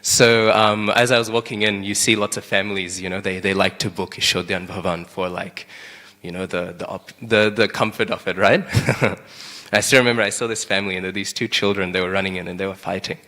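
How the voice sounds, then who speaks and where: Young man, low bright voice, casual scripture class, reverberant temple hall. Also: steady tone, brisk. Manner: conversational, keeps asking "right?". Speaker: class speaker.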